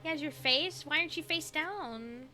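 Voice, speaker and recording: A woman's voice: high-pitched, normal speed, over music. A young woman streaming a detective game, chatting playfully with friends and giggling a lot. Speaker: let's play streamer. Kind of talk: casual let's play chat, reading game lines aloud.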